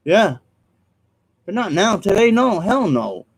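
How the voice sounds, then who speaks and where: A man's voice: high voice, sing-song, slow, slightly rough, low-quality recording. A man talking alone to his viewers in an earnest, rambling way, repeating himself, apologizing and trailing off with ums. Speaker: vlogger. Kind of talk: rambling solo vlog monologue.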